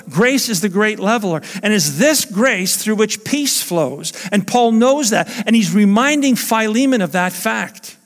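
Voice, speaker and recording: A man's voice: high voice, big-room sound. A man preaching a sermon as pastor, earnest and emphatic, repeating his key phrases.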